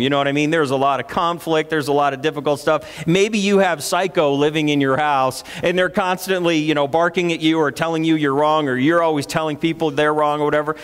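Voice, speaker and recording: A man's voice: on the high side, fairly even intonation, a little fast, few pauses, smooth. A middle-aged male pastor giving a conversational, story-filled sermon in a church. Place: church sanctuary. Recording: long reverb of a church hall.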